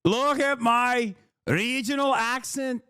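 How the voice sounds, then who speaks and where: A man's voice: very high voice, slow pace, bright, forceful tone, clean tone. A man streaming casual reaction commentary, sarcastic, profane and mocking.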